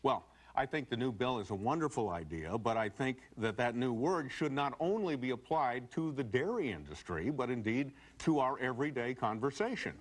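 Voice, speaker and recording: A man delivering a comic editorial monologue in a mock-earnest, animated manner. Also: moderate pace, hardly any pauses. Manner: mock-earnest, animated, jumping into high shouts. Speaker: comedy commentator. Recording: noisy TV studio tape.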